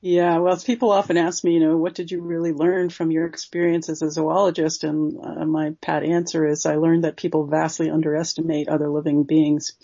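Husky interview guest, explanatory, lots of fillers, lo-fi dull sound. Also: mid-range voice, little pitch movement, brisk, few pauses, dark tone. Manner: explanatory, laughs often, many fillers. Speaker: guest, former zoologist. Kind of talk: interview conversation. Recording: dull lo-fi recording.

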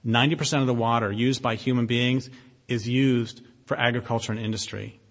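A man giving an impassioned public talk, blunt and sardonic, with emphatic stresses and long pauses. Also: mid-range voice, fairly even intonation. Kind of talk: impassioned lecture to an audience. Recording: long reverb of a hall.

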